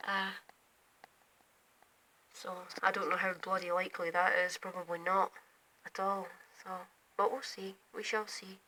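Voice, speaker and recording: A young woman rambling at night from her bedroom window, often slipping into quiet whispers while filming on her phone. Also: medium pitch, flat delivery, a little slow, a little hiss or hum, poor audio. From Scotland. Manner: drifts between quiet whispers and louder asides. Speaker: vlogger. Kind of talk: rambling night-time chat.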